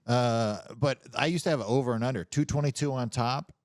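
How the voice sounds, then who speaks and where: Another comedy podcast co-host, this man has a medium-pitched, slightly mellow voice and speaks fairly quickly. The clean, echo-free studio sound carries his rambling banter, frequent restarts, and mid-sentence chuckles.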